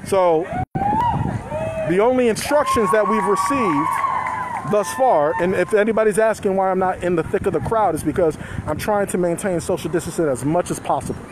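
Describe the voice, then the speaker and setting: A man's voice, sitting high at a moderate pace, rises over a noisy crowd as he reports live from a street protest. Holding his phone, he stays loose and conversational, chuckling and speaking to viewers, while passing cars and faint outdoor street noise run underneath.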